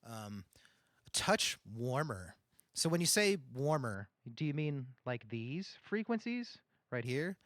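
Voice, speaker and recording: Male streamer, nasal, mid pitch, rambling and casual, very dry close studio mic. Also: very animated, slow pace, a bit bright, no room sound. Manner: rambling, thinking aloud with restarts. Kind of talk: casual livestream talk about audio setup. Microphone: condenser studio microphone.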